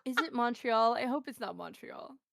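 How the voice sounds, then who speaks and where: An American woman hosting a casual chat, playful and quick to react with surprise. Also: a little high, expressive, vocal fry, a bit bright, a little hiss or hum. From United States. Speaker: host.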